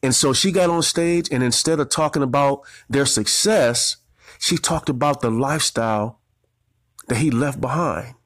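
A man's voice: medium pitch, moderate pace, a bit bright, dry recording. Emotional man giving a motivational talk. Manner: emotional, fighting back tears, repeats phrases. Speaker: marketing coach.

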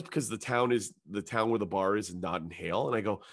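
A man's voice: lowish voice, normal speed, a bit bright, dry recording. A man from Canada, a comedian, telling a long anecdote in casual chat. He swears often and acts out other people's lines in raised voices.

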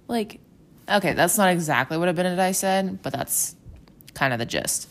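Chatty young woman, slightly low voice. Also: fairly quick, vocal fry, a little hiss or hum. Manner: chatty, animated, acts out quotes with gasps and whispers. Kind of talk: casual scripture commentary.

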